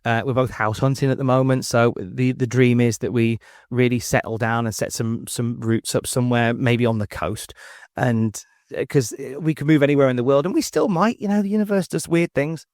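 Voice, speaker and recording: Speaking a little fast in clean studio sound with a dry recording, this English podcast guest in his 40s chats casually. He's an animated storyteller whose rambling tales are full of restarts, and his pitch leaps up for quoted voices.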